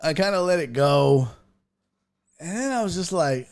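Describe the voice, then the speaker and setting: A man hosting a podcast, telling a story in casual chat, swearing freely and building to loud rants. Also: on the high side, a little slow, creaky. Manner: profane, animated, rising to loud rants. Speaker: podcast host.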